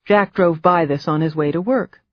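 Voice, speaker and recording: A wry, measured audiobook narrator reading a mystery thriller at a middle pitch. The booth sound is dry with no room at all. The top end is a little dull. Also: dry recording. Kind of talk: scripted narration.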